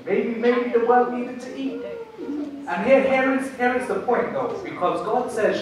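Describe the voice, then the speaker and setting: High-voiced male pastor, animated storytelling sermon, heard from afar in a very echoey church hall. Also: measured pace, recorded from a distance, a crowd in the background. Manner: animated storytelling, repeats words when building a point.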